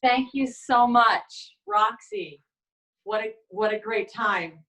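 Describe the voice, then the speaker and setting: Slow-talking woman opening a comedy set. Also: on the high side, sing-song, creaky. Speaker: stand-up comedian. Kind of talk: opening a stand-up set over video call. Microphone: video call. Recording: distant mic with faint noise.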